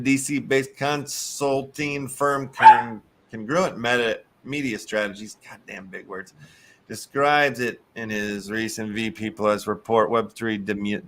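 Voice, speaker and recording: A man's voice: medium pitch, a bit bright. A man with a Chicago accent hosting a casual show, reading articles aloud, cursing and tripping over long words. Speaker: show host.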